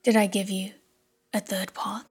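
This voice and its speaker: A woman's voice: a little high, a little slow, mellow, breathy edge, soft background music. A woman voicing a cold, vengeful male demon in a chilling whispered role-play.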